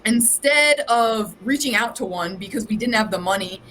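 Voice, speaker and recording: This is a low-quality recording with a little hiss or hum. The speaker is a psychic medium from Ohio, USA, a podcast guest casually telling her story in a rambling, chatty style full of "like." She has a fairly high, expressive, fairly bright voice and speaks at a moderate pace.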